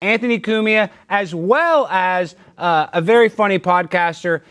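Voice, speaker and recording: A male podcast host with an excitable, jokey manner who breaks into shouts and laughs, talking in a studio. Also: sits high, moderate pace, clear, resonant tone. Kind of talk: loud comedic podcast banter.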